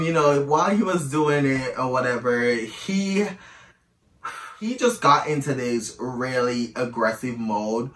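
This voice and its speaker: A man's voice: mid-range voice, sharp tone, far from the mic. A man telling a candid personal story in a casual, chatty way, often calling the listener "girl", recorded in an echoey room a little away from the mic.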